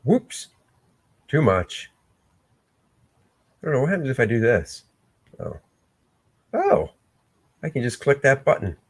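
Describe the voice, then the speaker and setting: A man hosts a casual walkthrough of his comic pages, speaking at an unhurried pace. He jokes, rambles and breaks off mid-thought to check his pages. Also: mid-range voice, wildly swooping pitch, breathy edge. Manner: joking, rambling, self-interrupting. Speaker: comic artist hosting a drawing channel. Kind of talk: casual narrated art commentary.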